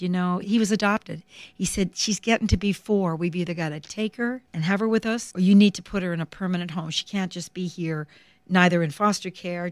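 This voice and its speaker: An older woman speaking as an interview guest, telling stories with animated, acted-out quotes. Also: on the low side, no room sound, studio quality. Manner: animated, acts out quoted voices. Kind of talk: conversational interview storytelling.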